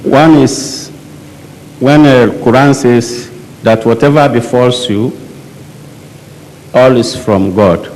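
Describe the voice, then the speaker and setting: A man's voice: mid-range voice, slow pace, pauses often, a little mellow. A man from the audience asks questions deferentially, hesitating and searching for words, in an archival recording. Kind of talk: question-and-answer session. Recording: archival 1986 hall recording with long reverb and faint noise.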